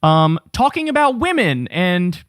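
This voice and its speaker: Sarcastic, profane man with a high voice. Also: big pitch swings, unhurried, fairly bright tone, no echo, clean studio sound. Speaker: political commentary host. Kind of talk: heated political commentary.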